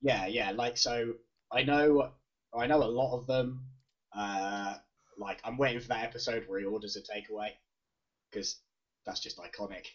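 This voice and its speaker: A young man co-hosting a casual chat, easygoing and chatty with a husky voice. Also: medium pitch, fairly even intonation, moderate pace. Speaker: podcast co-host. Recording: lo-fi muffled audio.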